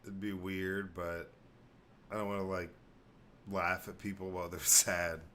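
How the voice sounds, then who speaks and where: A man hosts a relaxed podcast conversation and keeps it joking and animated. His voice is fairly low but bright and forceful. A light hiss sits under the recording. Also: a little slow. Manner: animated, joking, slips into silly put-on voices. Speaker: podcast host. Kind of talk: casual podcast chat.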